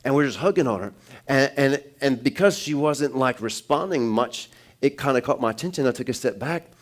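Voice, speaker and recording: A man preaching in a church, telling a personal story in a relaxed, conversational way with restarts, then building to loud, emphatic preaching. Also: mid-range voice, fairly quick. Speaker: pastor. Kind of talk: sermon.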